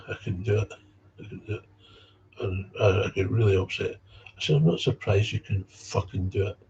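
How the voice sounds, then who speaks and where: A man's voice: fairly low pitch, darkish tone, a little hiss or hum. A man with a Scottish accent giving a blunt, heated personal talk about recovery, swearing freely. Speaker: speaker on recovery. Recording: dull lo-fi recording.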